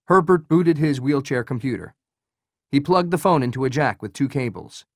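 A man reading a thriller audiobook as its narrator, in an even, measured way. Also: mid-range voice, dry recording, studio quality.

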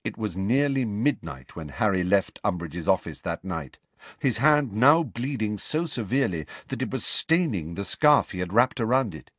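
A man narrating an audiobook in an expressive storytelling manner. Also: lowish voice, moderate pace, dry recording. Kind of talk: scripted narration.

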